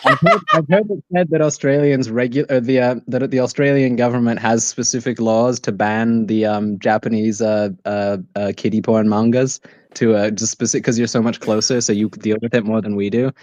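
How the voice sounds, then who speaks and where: A man's voice: mid-range voice, steady tone, normal speed, darkish tone, no echo. A man with a Yorkshire accent, chatting and joking on a livestream with lots of fillers. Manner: rambling, joking, many fillers. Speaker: livestream host. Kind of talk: casual chat. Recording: dull lo-fi stream audio.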